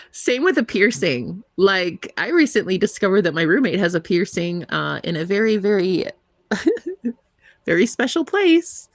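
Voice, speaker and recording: A woman's voice: medium pitch, very animated, a little slow, no room sound. A young American woman, a tarot reader, chatting casually and giggling with her live viewers, rambling with lots of "like". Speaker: tarot reader livestream host.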